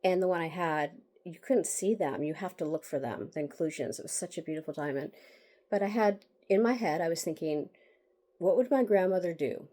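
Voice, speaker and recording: Talking a little fast in a low-pitched, darkish voice, this woman discusses her book through a bitter personal story on her vlog. Emotional and candid, she rambles with fillers and restarts, letting out sighs and wry laughs.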